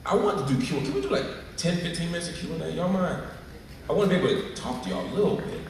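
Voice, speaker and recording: A man giving an animated public speech to a live audience, emphatic and preacher-like with slang asides, heard in a livestream. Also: on the high side, very fast, a little hiss or hum. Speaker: keynote speaker. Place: large lecture hall at an event. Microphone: live stream filmed from the audience. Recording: echoey hall, from far off, livestream.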